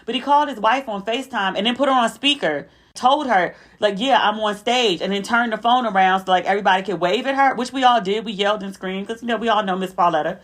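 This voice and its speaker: A woman hosts her own podcast and recaps a weekend in a loose, conversational way. Her pitch sits in the middle for a woman's voice. She talks in an animated way and turns to her listeners with asides as she goes. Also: fast talker. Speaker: podcast host. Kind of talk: casual storytelling recap.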